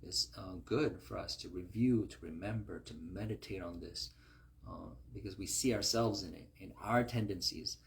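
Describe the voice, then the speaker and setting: A man's voice: low-pitched, normal speed, creaky. A man reading scripture aloud and explaining it in a conversational way, often checking in with his listeners. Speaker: Bible teacher.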